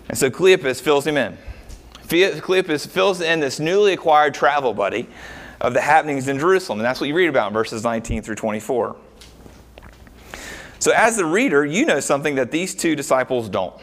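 A man preaching a sermon as a pastor, talking through the verses with rhetorical questions and frequent pauses. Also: on the high side, expressive.

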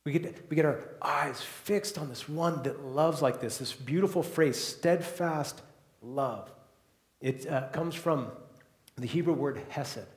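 A man preaching a sermon as pastor, moving between soft, hushed passages and loud, emphatic ones. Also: a little high, slow pace, roomy sound.

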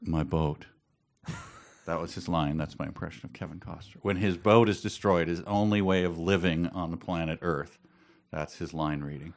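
Deep-voiced male co-host, dry deadpan humor, casual banter. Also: a little fast. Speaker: podcast co-host.

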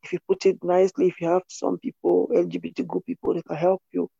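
A woman recounts her life in an interview, earnest and halting, often restarting her sentences. Her voice is dark and husky. The recording is dry, slightly muffled and lo-fi. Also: lowish voice, flat delivery, no echo. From Cameroon. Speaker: interview guest. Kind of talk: personal testimony in conversation.

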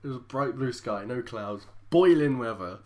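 Very low-voiced tired woman. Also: lively intonation, moderate pace, darkish tone. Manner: dry, rambling, self-mocking, laughs often. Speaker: podcast co-host. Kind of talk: casual chat.

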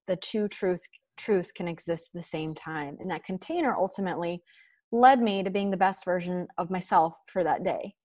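A woman talking earnestly on a podcast, encouraging listeners in gentle spiritual language. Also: fairly low pitch, no echo. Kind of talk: reflective podcast conversation.

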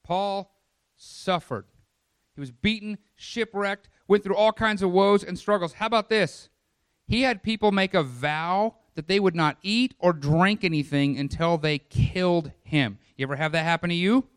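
Male pastor, sermon delivery, fairly high voice, dry close sound, swings between loud build-ups and hushed asides. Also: normal speed, clean tone, dry recording. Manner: dynamic preaching, voice swelling for lists then dropping low and quiet; conversational asides to the congregation.

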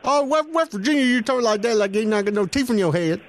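Guy doing a loud squeaky appalachian hick with no teeth, drawling and mocking. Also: animated, fast talker, a little hiss or hum. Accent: Appalachian American put on. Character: toothless rural West Virginia man, rowdy.

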